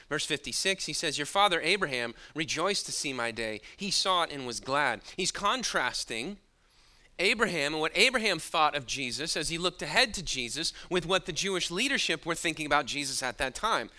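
Bright-voiced emphatic male preacher. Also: on the high side, lively intonation. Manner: emphatic, slowing down on key words. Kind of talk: sermon.

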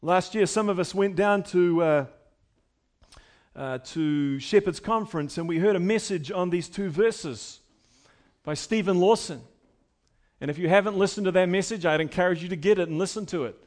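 A man's voice: high-pitched, moderate pace. A middle-aged man preaching a sermon as pastor, emphatic and building with repeated phrases.

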